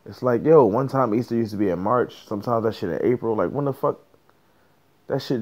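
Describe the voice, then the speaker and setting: A man with a deep, low-pitched voice rants alone on his podcast. He swears constantly and rambles from joke to joke in a loose, casual delivery. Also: lively intonation, brisk, a little mellow. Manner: profane, rambling, joking. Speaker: podcast host. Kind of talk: solo casual rant.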